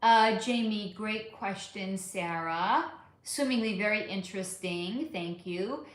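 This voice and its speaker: A woman's voice: medium pitch, takes it slowly, heavy reverb. A woman hosting a casual livestream, chatting and rambling through viewer questions with many fillers. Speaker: livestream host. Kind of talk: casual livestream chat answering viewer comments.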